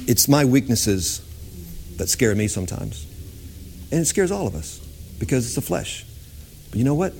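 A man preaching a sermon, animated, swinging between high excited exclamations and low hushed tones. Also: normal speed, long pauses, slight background noise. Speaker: pastor.

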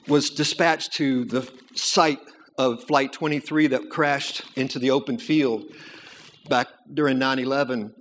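A man's voice: fairly high pitch, a little hiss or hum. Man preaching, voice rising and falling. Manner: builds from hushed storytelling to loud, rising preaching. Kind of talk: sermon.

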